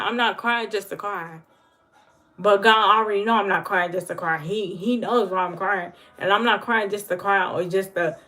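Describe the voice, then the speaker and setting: A woman's voice: mid-range voice, fairly bright tone. A woman giving an earnest, emotional talk about faith to viewers on her livestream. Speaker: livestream host. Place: home livestream.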